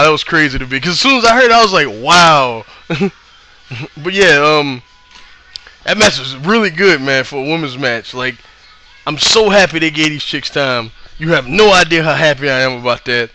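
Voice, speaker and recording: A young man casually recapping a live wrestling show, excitable and laughing often, with a voice worn from yelling. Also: a little high. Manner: excitable, laughs often, lots of fillers and curse words.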